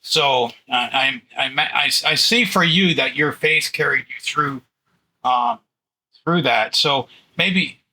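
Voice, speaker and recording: A man hosting an interview, speaking in a reflective, measured way about his own experience. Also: fairly high pitch, expressive, pushed and bright, rough recording. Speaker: podcast host. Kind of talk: casual interview.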